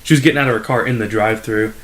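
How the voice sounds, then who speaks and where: A young man co-hosting a comedy podcast, telling a rambling story full of "like" and acting out customers in a higher voice. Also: fairly even intonation, racing. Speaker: podcast co-host. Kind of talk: casual storytelling chat.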